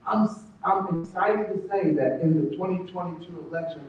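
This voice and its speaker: A man's voice: high voice, moderate pace, heavy background noise. A man from Kansas giving a motivational talk to a live audience, telling stories and acting out the dialogue. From Kansas, United States. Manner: animated storytelling, acts out dialogue with shifting voices. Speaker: motivational speaker. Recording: very echoey, distant from the mic, dull.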